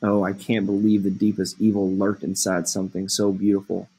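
A man reading aloud the lines of a lovestruck, torn young woman in a plain, unhurried voice. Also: deep voice, completely flat delivery, dark tone, husky. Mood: anguished.

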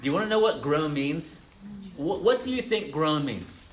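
A man's voice: fairly high pitch, big pitch swings, moderate pace. A man preaching an interactive sermon to a congregation, calling on listeners by name, repeating their answers, and often restarting his words. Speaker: pastor teaching a congregation.

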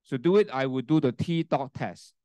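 This man lectures a university class and walks through a spreadsheet, restarting sentences and checking in with "okay?" and "right?"; Cantonese is his first language. He speaks at a normal speed with a medium-pitched, expressive voice and a dark tone. There's no echo, and he uses a handheld mic that is sometimes put down.

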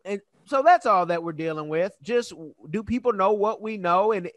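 A man's voice: high voice, expressive, moderate pace, a bit bright, no room sound. A man hosting a podcast, chatting casually with a guest and laughing easily. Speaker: podcast host. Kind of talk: casual interview chat.

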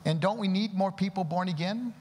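A man's voice: sits high, fairly quick, darkish tone. Fervent preacher man in a reverberant hall. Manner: fervent, praying aloud and exhorting with rhetorical questions. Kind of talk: sermon. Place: church service before a congregation. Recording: long hall reverb with faint background noise.

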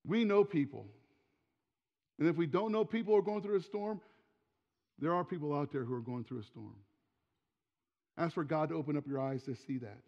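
High-voiced pastor preaching in a hall. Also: male voice, normal speed, vocal fry, pauses often, muffled recording. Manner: storytelling, swinging from hushed to forceful. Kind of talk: sermon. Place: church sanctuary.

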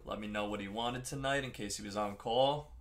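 A man's voice: on the low side, fairly quick, noisy background. A young man with a Long Island accent hosting a live card-break stream, chatting casually with viewers by name while opening packs. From Long Island, New York.

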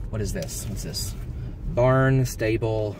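Speaking slowly in a lowish voice, a man records a relaxed driving vlog through a village, excitedly reading signs and marveling at the view. Background noise is present.

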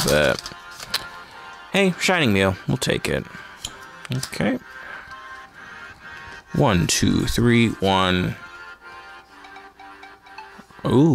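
A man's voice: mid-range voice, fairly bright tone. A man hosting a casual card-opening vlog, chatting and reacting aloud to each card he pulls. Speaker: host of a card-opening channel.

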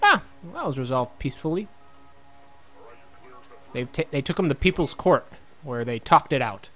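A man's voice: medium pitch, sing-song, moderate pace, fairly bright tone, faint music behind. A young man giving goofy, joking commentary over a video game, talking back to the characters and laughing often. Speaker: gaming let's-player. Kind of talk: comedic gameplay commentary.

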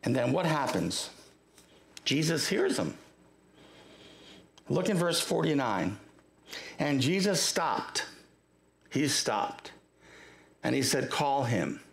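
A man's voice: fairly high pitch, very animated, takes it slowly, creaky, pauses often, fairly bright tone. A male pastor preaching a sermon, telling the story with acted-out cries and asides to the congregation. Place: church sanctuary. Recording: echoey church live stream.

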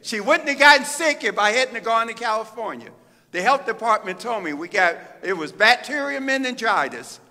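A middle-aged man from the Midwest, a pastor delivering a fervent sermon with drawn-out phrases and pauses in a church sanctuary. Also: very high-pitched, sharp tone. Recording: reverberant church hall.

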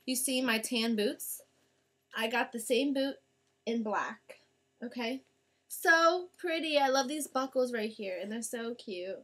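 Young woman, slightly high-pitched, casual haul vlog, gushing, chatty. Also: fairly bright tone. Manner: gushing, chatty, drawn-out words. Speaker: vlogger. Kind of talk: casual haul video chat.

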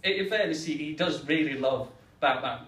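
A man's voice: on the high side, moderate pace, slight background noise. An English man performing a stand-up comedy set, acting out the people in his stories. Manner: animated, acts out the characters. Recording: echoey room, mic from far off.

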